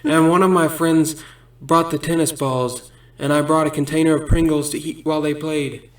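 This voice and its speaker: A man with a fairly high voice rattles off corny stand-up jokes as rambling little stories, breaking into laughter at his own punchlines. He sounds far from the mic, in a roomy, echoey space. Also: level tone, normal speed. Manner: rambling absurd storytelling. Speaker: comedian. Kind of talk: stand-up joke telling.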